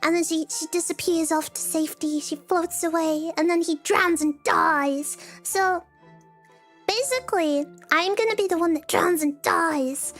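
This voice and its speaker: Very high-pitched giggly woman streamer. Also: unhurried, faint music behind. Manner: giggly, dramatic, self-mocking. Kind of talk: casual chat with viewers.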